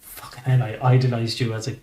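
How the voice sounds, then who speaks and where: An Irish man chats as a podcast guest, rambling loosely through his stories and swearing freely. His voice sits at an ordinary pitch. The room around him rings with echo. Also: level tone, fast, crowd noise. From Ireland. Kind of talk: casual chat.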